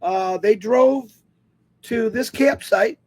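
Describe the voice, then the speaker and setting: A man telling a personal story to an online webinar audience in an animated, emotional way. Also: extremely high pitch, slow pace, breathy edge. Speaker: webinar speaker.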